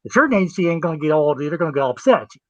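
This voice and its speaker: A man's voice: on the high side, very animated, very fast, no room sound, dull audio. A man with a Southern US accent in a casual chat, rambling, folksy, and repeating his words.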